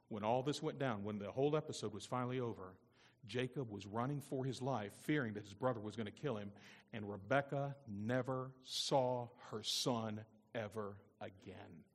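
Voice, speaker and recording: A man's voice: medium pitch, moderate pace, big-room sound. A man pastor delivering an emphatic sermon with call-and-response asides. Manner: emphatic, call-and-response, rising to loud peaks.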